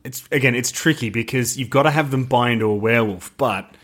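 Man, casual film podcast chat, animated retelling. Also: mid-range voice, fast. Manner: animated, acts out movie scenes in quoted voices. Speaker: podcast co-host.

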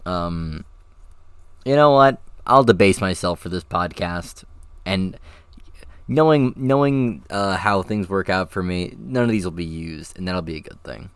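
A man's voice: low-pitched, expressive, unhurried, clear, resonant tone, no echo. A man voice actor rambling and sighing between takes in a recording booth, self-mocking and casual.

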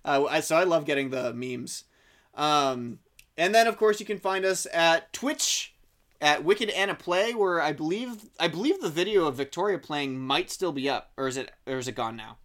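Bright upbeat young man podcast host. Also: on the high side, expressive, normal speed. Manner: upbeat, chatty, laughs often. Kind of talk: casual chat.

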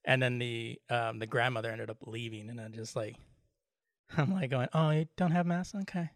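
A man's voice: medium pitch, moderate pace, no echo. Laid-back middle-aged man, dry studio. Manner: laid-back storyteller, laughs often. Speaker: podcast co-host. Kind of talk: casual chat.

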